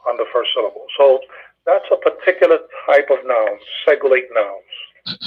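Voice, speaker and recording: A man leading a Bible study, patiently and methodically explaining Hebrew grammar with frequent filler pauses. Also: medium pitch, animated, husky. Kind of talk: Hebrew grammar lesson over a phone call. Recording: tinny phone line.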